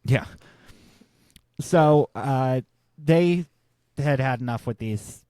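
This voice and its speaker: A man co-hosting a casual film discussion podcast. He talks in an easygoing, halting way. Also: mid-range voice, warm tone, no echo. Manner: easygoing, halting, with fillers and restarts. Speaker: podcast co-host.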